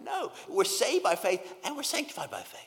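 A man preaching a sermon, earnest and emphatic, often repeating words and dropping from loud stress to a near-whisper. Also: sits high, sing-song, moderate pace. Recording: long hall reverb.

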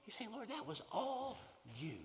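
Pastor preaching in a reverberant hall. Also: male voice, extremely high pitch, big pitch swings, unhurried. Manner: dynamic preaching, swings from hushed whispers to loud emphasis. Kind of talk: sermon.

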